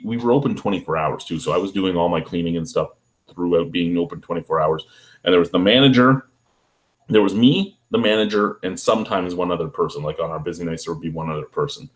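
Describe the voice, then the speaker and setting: A man, rambling through profane stories in a casual vlog, with lots of restarts. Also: low voice. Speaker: beer review vlogger. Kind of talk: casual storytelling.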